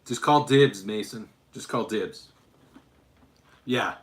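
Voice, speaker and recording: A man's voice: on the low side, slow, echoey room, slight background noise. A man from Utah hosting a casual livestream Q&A, rambling, correcting himself mid-sentence and joking with chat. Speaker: streamer host.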